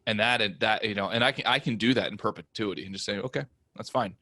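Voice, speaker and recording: A man hosting a podcast in casual chat, asking thoughtful, measured questions. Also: lowish voice, bright, forceful tone, no echo, clean studio sound. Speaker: podcast host.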